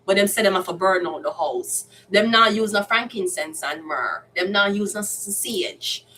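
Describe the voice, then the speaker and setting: A woman's voice: mid-range voice, lively intonation, moderate pace, pushed and bright. A woman with a Jamaican accent, a tarot card reader, ranting bluntly and with lots of swearing in a casual monologue. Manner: blunt, profane, heated. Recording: distant mic, faint background noise.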